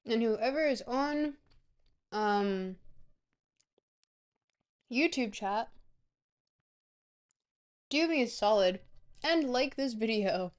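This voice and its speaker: A woman streamer chatting casually to her viewers, rambling between bites and filling pauses with ums. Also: a little high, lively intonation.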